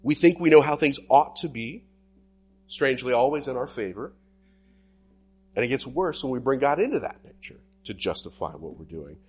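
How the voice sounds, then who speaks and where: A male pastor delivering a sermon in an animated preaching style with sweeping swings in pitch. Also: normal speed, slightly rough.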